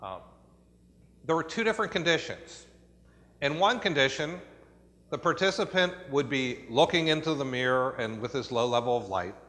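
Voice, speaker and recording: A man with an American accent walks a conference audience through a study, his voice sitting in an ordinary middle pitch. He explains patiently, pausing on fillers and restarting sentences. His voice rings with the long reverb of a conference hall. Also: lively intonation, bright, forceful tone. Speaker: conference presenter. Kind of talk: presenting research at a conference.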